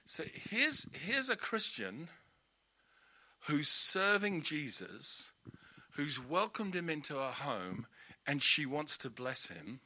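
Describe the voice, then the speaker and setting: A male preacher delivers a storytelling sermon full of humorous asides. His voice sits fairly high and swings widely as he talks. The tone is very bright and forceful. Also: slow. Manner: animated, storytelling, laughing asides.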